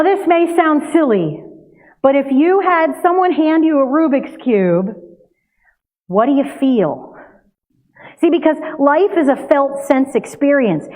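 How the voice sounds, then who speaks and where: Older woman preaching, tinny phone-like sound. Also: high voice. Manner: conversational storytelling, lively. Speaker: minister. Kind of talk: sermon.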